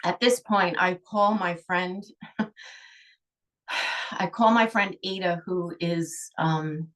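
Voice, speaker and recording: A woman's voice: fairly low pitch, steady tone, extremely slow, a bit bright, far from the mic. Emotional middle-aged woman telling a story. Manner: emotional, rambling, with sighs. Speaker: holistic healer. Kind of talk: personal storytelling monologue.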